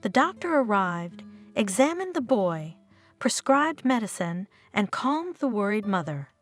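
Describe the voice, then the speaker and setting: A woman's voice: medium pitch, very animated, measured pace. A woman narrating a dramatic family story in a scripted storytelling style, over faint background music.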